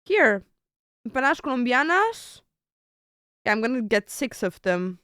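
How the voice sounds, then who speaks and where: A woman's voice: on the high side, sing-song, measured pace, pushed and bright, clear, resonant tone, no echo, studio quality. A young woman streamer chatting casually with her viewers, thinking aloud and swearing now and then as she picks food to order.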